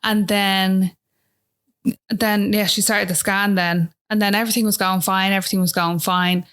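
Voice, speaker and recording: A woman's voice: medium pitch, steady tone, moderate pace, fairly bright tone, clear, resonant tone. A woman with an Irish accent, a podcast guest telling a personal story in a chatty way, often asking "do you know what I mean".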